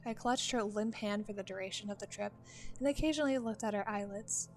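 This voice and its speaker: A woman tells a first-person story in a steady, measured narration. Her pitch sits in a middle range, and faint music runs beneath her voice.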